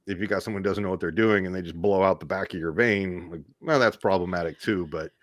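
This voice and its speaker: A man's voice: low voice, quick pace, a bit bright, no echo, clean studio sound. A man talking as a podcast guest, telling stories in a rambling, self-deprecating way with frequent restarts. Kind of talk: casual interview storytelling.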